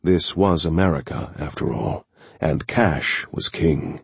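A man narrating a thriller audiobook in a steady, measured way. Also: extremely low pitch, gravelly, breathy edge, no room sound.

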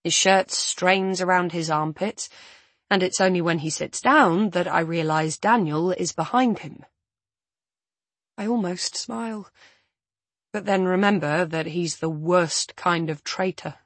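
A woman narrating a first-person audiobook at a measured, even pace. Her voice sits a little low and has a husky grain. The recording is dry and close with no room sound. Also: no echo.

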